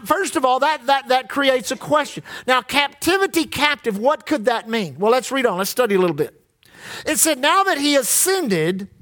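A man's voice: extremely high pitch, a bit bright. A male pastor preaching a sermon in church, leading the congregation in call-and-response.

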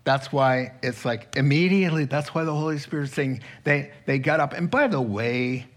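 A male pastor preaching a sermon, animated and chuckling, acting out quotes as he goes. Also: medium pitch, normal speed.

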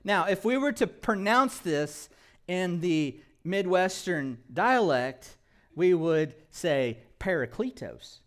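Animated, high-voiced male preacher. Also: slow pace. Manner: animated preaching with call-and-response prompts; light humor, laughs at his own jokes. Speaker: pastor. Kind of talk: sermon.

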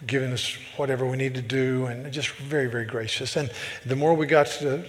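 A man's voice: mid-range voice, fairly even intonation, a little fast. A man from the American South, preaching a sermon as a pastor. He talks emphatically and repeats words as he builds a point. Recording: long hall reverb.

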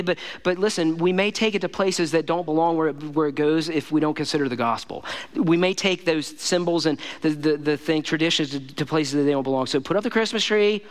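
A man with a notably high voice preaches a relaxed, conversational sermon as a pastor. He repeats key phrases for emphasis and keeps turning to the congregation with "listen to me" and "man.". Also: clean tone. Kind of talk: casual sermon.

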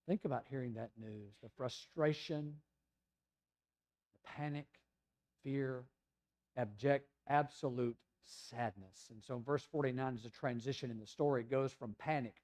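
A man from the United States preaching a sermon in a conversational storytelling way, sometimes dropping to a soft, hushed voice. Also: mid-range voice, unhurried. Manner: conversational storytelling, acting out voices of people in the scripture passage; drops to a soft, hushed voice in tender passages. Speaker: pastor.

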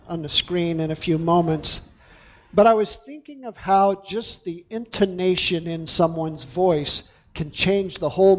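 A male pastor preaching a sermon, deliberate and emphatic, drawing out key words. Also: sits high, a little mellow.

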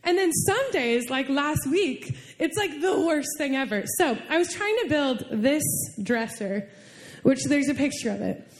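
A young woman with a high voice delivers a sermon in a loose, conversational way. She fills her speech with "like"s and tells personal stories with open emotion. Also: animated, a little slow. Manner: chatty, many "like"s, emotional storytelling. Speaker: preacher.

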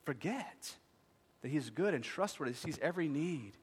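A man in his thirties preaching a sermon, lively and joking, acting out voices as he speaks. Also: on the high side, normal speed, breathy edge. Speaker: pastor. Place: church sanctuary. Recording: long hall reverb.

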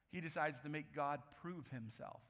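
Animated man preaching in an echoing hall. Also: a little high, unhurried. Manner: animated storytelling, acts out voices, laughs often. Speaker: pastor. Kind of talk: sermon. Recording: echoey hall recording.

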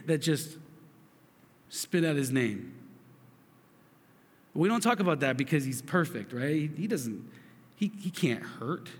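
A man in his thirties preaches with an earnest, storytelling manner, often restarting his sentences mid-thought. His voice sits a little high for a man. A long reverb trails behind him, as in a church hall. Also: a bit bright. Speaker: pastor. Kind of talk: sermon.

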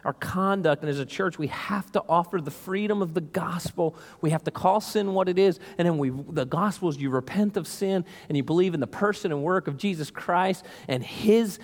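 Male pastor, high voice, emphatic sermon delivery, echoing church sanctuary. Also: moderate pace, few pauses. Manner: emphatic, repetitive preaching with calls to the church. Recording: long reverb of a church hall.

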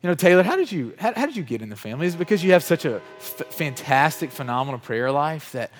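Faint music sits behind a male pastor preaching in a church hall with chairs, his voice on the high side, sing-song, and fast with a big-room sound. He speaks conversationally, posing questions to the congregation, with many fillers, frequent "like," restarts, and repeated false starts.

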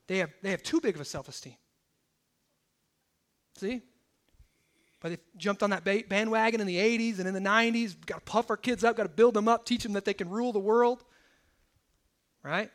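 Male pastor with a very high voice, preaching in an animated, chatty way. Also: moderate pace, long pauses. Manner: lively, conversational preaching with acted-out quotes. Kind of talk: sermon.

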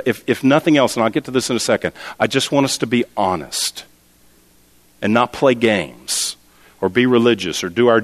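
Earnest male preacher in a reverberant hall. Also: medium pitch. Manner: earnest, repeats key words for emphasis. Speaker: pastor. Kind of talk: sermon.

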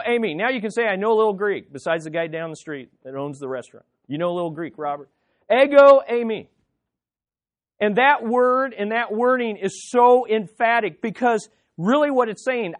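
A man's voice: high voice, no room sound, studio quality. A man preaching a sermon as pastor, emphatic, repeating key phrases and leading the congregation to say them back.

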